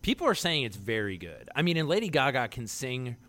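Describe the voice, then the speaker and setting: Excitable, lively-voiced male podcast co-host. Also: mid-range voice, a little fast. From Philadelphia area. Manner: excitable, laughs often, rambling restarts. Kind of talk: casual movie chat.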